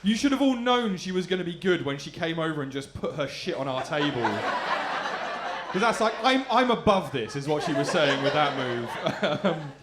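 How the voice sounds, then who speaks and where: A man's voice: on the high side, animated, moderate pace, very noisy. Jokey man in an echoey club. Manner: jokey, laughing, swears. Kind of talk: casual feedback.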